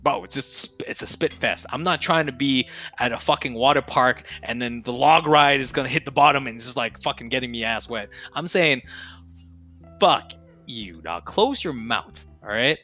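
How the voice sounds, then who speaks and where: A man's voice: mid-range voice, lively intonation, moderate pace, pushed and bright, soft background music. A young man, a streamer guest on a podcast, talking casually with heavy profanity and slang, laughing often.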